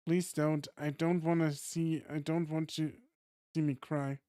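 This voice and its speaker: A man voicing a guarded young male fighter, speaking softly and haltingly. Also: on the high side, little pitch movement, dry recording, studio quality, natural voice. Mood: tearful. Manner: soft, halting.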